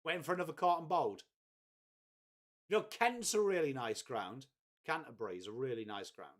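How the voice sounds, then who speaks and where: A man's voice: medium pitch, fairly quick. A man from England, hosting a casual live watchalong stream, chatting, swearing freely and greeting viewers by name.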